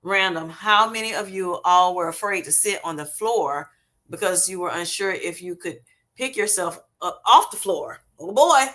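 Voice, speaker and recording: With a lowish, fairly bright voice and lively intonation at a moderate pace, a middle-aged woman hosts a livestream. She chats casually, laughs often, and calls viewers honey and y'all, using a streaming setup.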